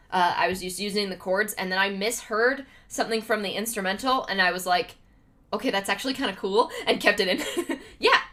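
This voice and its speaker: A woman's voice: mid-range voice, pushed and bright. A young American woman chatting casually with viewers on a livestream, rambling with lots of fillers. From United States.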